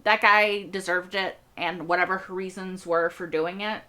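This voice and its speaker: A woman's voice: fairly low pitch, steady tone, normal speed, sharp tone. A young woman hosting a TV reaction video, rambling earnestly in casual chat and laughing often.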